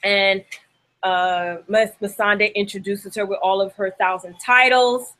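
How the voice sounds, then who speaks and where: A chatty young woman hosts a loose show recap, with plenty of laughs and fillers along the way. Her voice sits at a mid pitch for a woman. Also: fairly even intonation, unhurried, bright, forceful tone, low-quality recording. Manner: chatty, laughs often, acts out lines from the show. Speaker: podcast host. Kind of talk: casual TV recap chat.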